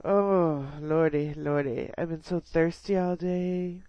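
A woman's voice: low-pitched, steady tone, slow, mellow, no room sound, lo-fi sound. A woman hosting an internet radio show, chatting in a playful, giggly way. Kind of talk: casual radio banter.

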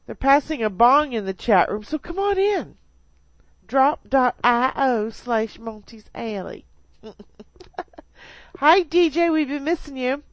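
Brief: giggly woman radio host, slightly high voice, dry close mic. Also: animated, slow, no room sound. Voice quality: chatty, giggly, playful. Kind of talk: casual radio banter.

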